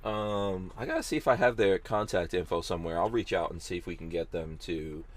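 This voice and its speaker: A man's voice: deep voice, a little fast. A man hosting a podcast in casual chat, joking around and reading viewer comments aloud. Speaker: podcast host.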